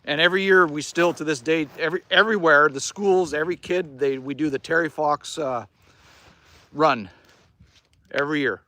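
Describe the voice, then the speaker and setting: A man's voice: on the high side, moderate pace, sharp tone. A Canadian man hosting a casual livestream outdoors by a fire, chatting and reading viewer comments in a rambling way and swearing now and then. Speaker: livestream host.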